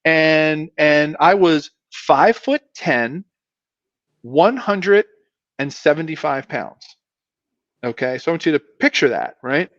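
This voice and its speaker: A middle-aged man tells old stories in a loose, self-deprecating ramble, circling back and restarting as he goes. His voice sits a bit higher than typical, and the sound is muffled and dull. The room gives no echo at all. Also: expressive, takes it slowly, fairly bright tone. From South Philadelphia, US. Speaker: guest, former pro football player. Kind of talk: casual storytelling interview.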